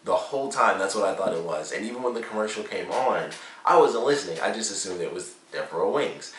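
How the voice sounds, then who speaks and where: A man with a low voice talks through a TV episode review in a loose, rambling way, amused and full of fillers. He sits well back from the microphone in an echoey room. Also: animated, fast talker, fairly bright tone, recorded from a distance. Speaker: show reviewer.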